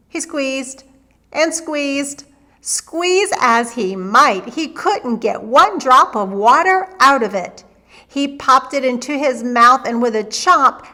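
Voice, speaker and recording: A woman storyteller narrating a folktale for children in a lively, expressive reading. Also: fairly high pitch.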